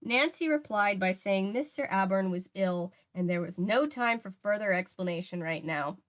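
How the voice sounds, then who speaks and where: A woman's voice: mid-range voice, lively intonation, normal speed. A woman reading a mystery novel aloud at home, chatty, stopping to correct herself and add asides. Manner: chatty, laughs, restarts, self-corrects. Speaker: book reader. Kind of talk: casual read-aloud with asides.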